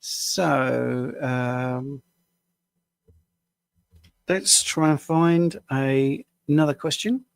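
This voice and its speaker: Gravelly, tired man on a dry home mic. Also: medium pitch, drawn-out words, pauses often, no room sound. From United Kingdom. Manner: casual, rambling, self-deprecating with small laughs. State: tired after a long day at the screen. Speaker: health coach answering viewer questions. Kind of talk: live Q&A stream.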